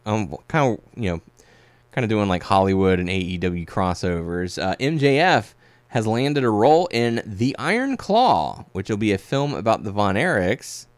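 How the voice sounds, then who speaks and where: Podcast co-host, male, low-pitched, easygoing talk, dry recording. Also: moderate pace, dry recording. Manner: relaxed, filler-heavy, reads articles aloud. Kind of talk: casual chat about wrestling news.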